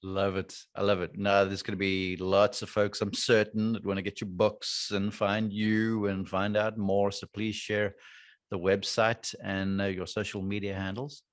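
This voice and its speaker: A man's voice: fairly low pitch, little pitch movement, a little slow, no room sound, clean studio sound. A man hosting a golf interview podcast, steering the guest along with short prompts. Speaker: host and golf broadcaster.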